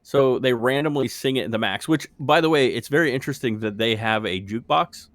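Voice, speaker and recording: A man's voice: mid-range voice, fairly quick, fairly bright tone, no room sound. A man co-hosting a podcast, rambling in casual chat, swearing freely and laughing often. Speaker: podcast co-host.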